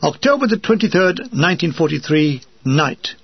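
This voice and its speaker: A man reading his first-person war memoir in a wry, deadpan way, on a dull lo-fi recording. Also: fairly high pitch, normal speed, gravelly, husky, no room sound.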